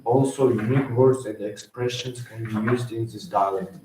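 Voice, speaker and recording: A young man gives a school research talk in a flat, even voice. He stumbles and restarts as he reads from slides. He is picked up from across a roomy, echoing space with steady background noise. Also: mid-range voice, moderate pace. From Kazakhstan. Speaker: student presenter. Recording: echoey room, distant mic, noisy.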